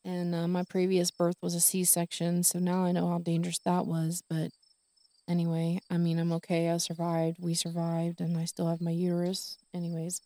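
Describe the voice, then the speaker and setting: A woman's voice: on the low side, completely flat delivery, moderate pace, mellow, dry recording. A middle-aged woman telling a personal story on a podcast, rambling with many fillers and restarts. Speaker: podcast host.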